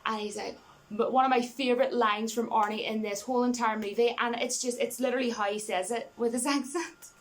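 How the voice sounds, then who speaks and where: A woman with a slightly high, steady voice talks fast through a casual, rambling film review. She is enthusiastic, laughs between points, and fills her speech with "you know" and restarts.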